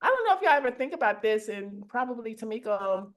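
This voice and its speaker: A middle-aged woman co-hosts a motivational live chat, with a voice pitched a little high. She talks in a playful, animated way and tells stories with gusto. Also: fast. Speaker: co-host.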